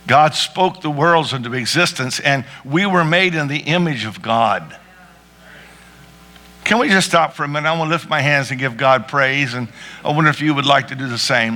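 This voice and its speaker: A man's voice: medium pitch, normal speed, pushed and bright, slight background noise. A man preaching a sermon with rising fervor, calling out to his congregation and breaking into prayer. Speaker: pastor.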